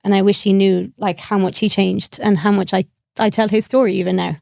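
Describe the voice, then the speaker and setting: Irish woman, young adult, comedian guest; gravelly voice, dry close mic, animated storyteller. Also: mid-range voice, fairly quick, no echo. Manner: animated, acts out quoted voices, laughs often. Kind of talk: candid storytelling.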